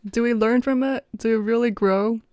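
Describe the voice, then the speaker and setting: A woman's voice: fairly high pitch, steady tone, moderate pace, darkish tone, no room sound, studio quality. A woman talking casually in a reflective vlog, rambling with many fillers and often breaking into laughter. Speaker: vlogger.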